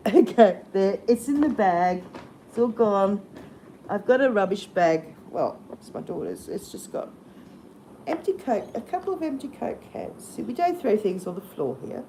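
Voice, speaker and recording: A woman's voice: medium pitch, warm tone, slight background noise. A middle-aged Australian woman chatting casually on her live stream, rambling and self-deprecating and laughing easily at herself.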